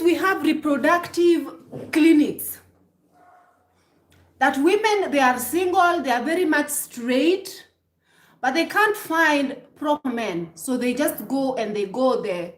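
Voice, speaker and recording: Speaking slowly with long pauses, the Kenyan woman has a high, expressive voice that echoes in a reverberant room. She addresses her audience directly with preachy, emphatic relationship advice, peppered with rhetorical "hmm?" prompts and repeated restarts.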